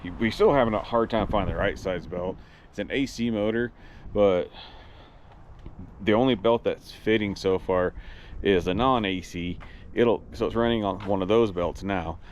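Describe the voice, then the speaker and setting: A man with a lowish voice, out of breath, chats casually for his vlog while working on an old truck, speaking at a moderate pace. He rambles in plain words and restarts sentences midway. The audio has its highs cut off and slight background noise.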